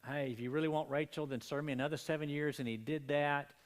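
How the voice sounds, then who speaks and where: A man's voice: fairly high pitch, quick pace. A man preaching a midweek Bible study in a church, reading scripture with growing intensity and a strained voice. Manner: animated, reads scripture with rising intensity. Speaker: pastor.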